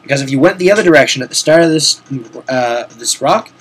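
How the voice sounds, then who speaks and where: A man hosting a video-game playthrough, chatting and rambling as he plays, swearing casually, his voice a little sore and hoarse. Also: fairly high pitch, expressive, quick pace, slight background noise. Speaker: host. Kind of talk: let's-play game commentary.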